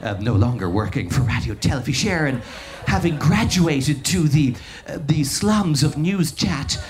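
A man's voice: on the high side, animated, a little slow, voice pushed down. A man doing a rambling radio DJ. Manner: rambling, laughing at himself. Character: rambling male radio DJ, scatterbrained. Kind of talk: stand-up impression.

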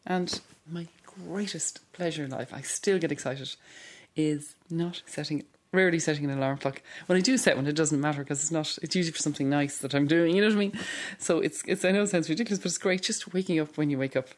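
A woman's voice: deep voice, fast talker, hardly any pauses. A middle-aged Irish woman speaking candidly in a documentary interview, talking in a conversational way with many restarts.

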